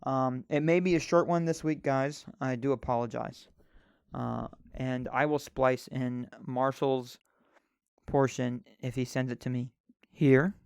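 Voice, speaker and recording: A man's voice: medium pitch, steady tone, measured pace, gravelly, a little mellow, smooth, dry recording, clean studio sound. An American man hosting a podcast alone, rambling sarcastically and swearing casually. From United States. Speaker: podcast host. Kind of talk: solo casual podcast monologue.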